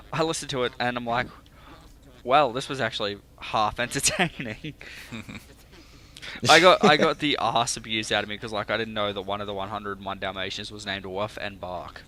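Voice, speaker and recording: A man's voice: on the low side, sharp tone. A man joining a casual podcast over a voice call as a guest, making wry remarks and laughing between them. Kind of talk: casual chat.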